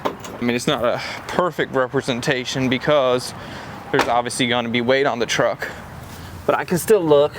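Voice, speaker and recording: A young man casually vlogging about a truck build, relaxed and peppered with "dude". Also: mid-range voice, normal speed. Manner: laid-back, says "dude" a lot. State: out of breath. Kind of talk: casual shop vlog talk. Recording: noisy outdoor camera audio.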